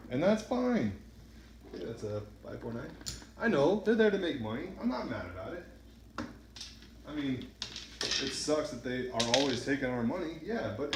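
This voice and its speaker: A man chats loosely as he throws dice, drifting between stories and reading off each roll. His voice sits at an ordinary middle pitch. It bounces around an echoey room, with clear noise and dice clicks behind him. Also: animated, moderate pace. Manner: rambling, counting results aloud. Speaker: craps vlogger. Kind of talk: casual talk while throwing dice. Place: indoors at a home dice-practice setup.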